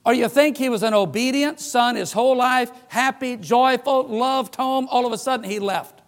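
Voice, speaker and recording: A middle-aged man delivers a sermon as a pastor. His voice sits notably high for a man. He tells stories with animation and slips into the voices of the people he quotes. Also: moderate pace. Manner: animated storyteller who acts out quoted voices.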